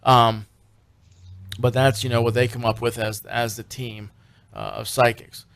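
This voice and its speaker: A man's voice: medium pitch, flat delivery, measured pace, fairly bright tone. A man co-hosting a radio talk show, telling a long, rambling story with many fillers and restarts. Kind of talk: casual radio chat recapping a TV show.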